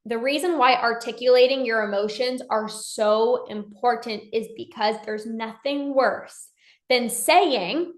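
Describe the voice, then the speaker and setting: A woman's voice: fairly high pitch, a little slow. A woman giving a motivational talk as a life coach, emphatic, acting out short dialogues in her own voice. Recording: echoey room.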